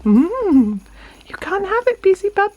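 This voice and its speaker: A woman's voice: extremely high pitch, very animated, measured pace, darkish tone, soft background music. A woman and new mother chatting casually in her vlog, bubbly and gushing, slipping into sing-song baby talk.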